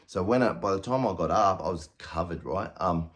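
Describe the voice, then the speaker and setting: Blunt low-voiced Australian man. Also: normal speed. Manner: blunt, heavy swearing, quotes himself and others in raised voices. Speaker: former prisoner telling his story. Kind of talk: casual storytelling.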